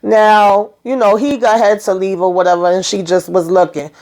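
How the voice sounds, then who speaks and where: A woman chatting casually as she recaps a show episode, animated and full of fillers, acting out the characters' lines. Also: mid-range voice, moderate pace. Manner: chatty, heavy on fillers like "you know".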